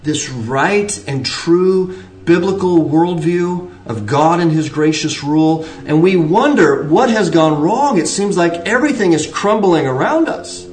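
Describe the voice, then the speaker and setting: A man's voice: a little high, animated, unhurried, darkish tone. Guy giving a sermon, earnest, kinda far off the mic, echoey church room. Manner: earnest preaching with varied emphasis and repeated restarts. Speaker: pastor. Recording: roomy, distant from the mic.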